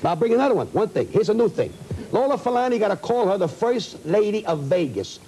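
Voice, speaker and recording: A man's voice: high-pitched, big pitch swings, warm tone, a little hiss or hum, poor audio. A man, a comedian, complaining indignantly in a heated talk show interview. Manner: indignant, ranting, rapid-fire complaints. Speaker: comedian guest. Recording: old broadcast audio.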